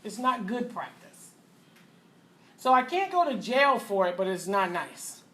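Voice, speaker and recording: A middle-aged woman teaching a physical therapy class, lively and joking, acting out little voices and asides as she lectures. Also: medium pitch, a little slow. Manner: animated, acts out voices and asides, laughs often. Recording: faint background noise.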